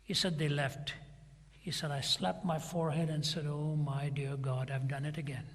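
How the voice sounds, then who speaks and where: A man's voice: fairly high pitch, little pitch movement, moderate pace. An older male preacher telling a story in a sermon, acting out both sides of a dialogue in a dramatic retelling. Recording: long reverb of a large hall.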